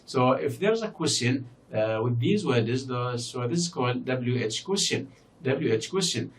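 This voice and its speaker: A man whose first language is Arabic, teaching a recorded English lesson and explaining slowly with many fillers and repeated example words. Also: medium pitch, lively intonation, far from the mic, slight background noise. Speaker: university English lecturer. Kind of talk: recorded distance-learning lecture.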